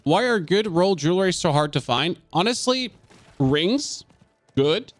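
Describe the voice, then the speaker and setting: Chatty German streamer, dry close sound. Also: male voice, sits high, lively intonation, measured pace, no room sound. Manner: chatty, answers chat questions with jokes. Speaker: game streamer. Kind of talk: live gameplay commentary.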